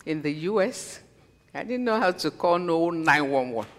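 A woman giving a personal testimony as a sermon, telling her story earnestly and then preaching with slow, stressed scripture quotes. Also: low voice, animated. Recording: long reverb of a large hall.

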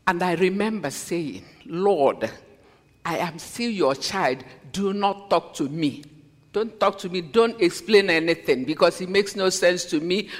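A woman giving a personal testimony as a sermon, telling her story earnestly and then preaching with slow, stressed scripture quotes. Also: lowish voice, expressive. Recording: long reverb of a large hall.

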